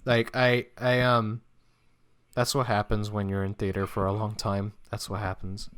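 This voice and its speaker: A man's voice: on the low side, flat delivery, a bit bright, clear, resonant tone. A young man from Mexico hosting a casual podcast chat, hesitant and full of restarts. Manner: hesitant, restarts often, quick laughs. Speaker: podcast host.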